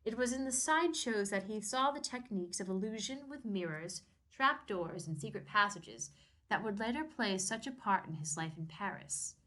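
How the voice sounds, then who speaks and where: A woman co-host reading a novel aloud and joking about it, animated and quick to laugh. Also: medium pitch. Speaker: podcast co-host.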